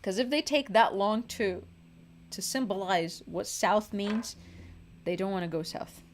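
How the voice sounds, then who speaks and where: A woman with a mid-range voice speaks unhurriedly over slight background noise. She hosts a livestream and sings, thinking aloud in casual chat while she draws. She sounds tired, sighing and poking fun at herself.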